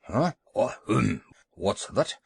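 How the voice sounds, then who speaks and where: A man voicing a grumpy, bloated old male walrus in a storybook, with a gruff, sleepy grumble. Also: on the low side, big pitch swings, slow, no echo, voice pushed down, heavily acted.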